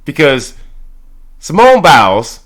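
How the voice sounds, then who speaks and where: A man hosting reaction commentary, mocking and animated, with stammering repetitions. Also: on the high side, takes it slowly. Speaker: host.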